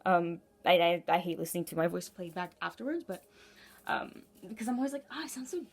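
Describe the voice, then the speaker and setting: A woman's voice: lowish voice, expressive, fairly quick, vocal fry. A woman giving a casual, intuitive tarot reading to camera, rambling and effusive, with lots of fillers and self-interruptions. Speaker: tarot reader.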